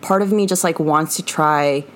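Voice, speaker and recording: A woman's voice: sits low, moderate pace, fairly bright tone. A young woman co-hosting a casual podcast, rambling with lots of fillers and giggles. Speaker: podcast co-host.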